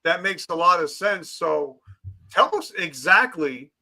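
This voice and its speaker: Bright-voiced male podcast host. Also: sits high, lively intonation, measured pace, vocal fry. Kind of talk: interview questions.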